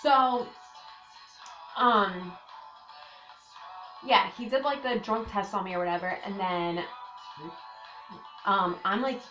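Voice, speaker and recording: A woman's voice: mid-range voice, takes it slowly, long pauses, sharp tone. A young woman telling a storytime on her vlog, casual and breathless, with lots of filler words and emphatic disbelief. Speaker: vlogger. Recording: echoey room with faint music.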